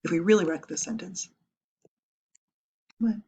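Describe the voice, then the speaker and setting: A woman teaching a grammar lesson, lively, explaining step by step and asking rhetorical questions. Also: on the low side, measured pace, gravelly, a little hiss or hum. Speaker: writing teacher.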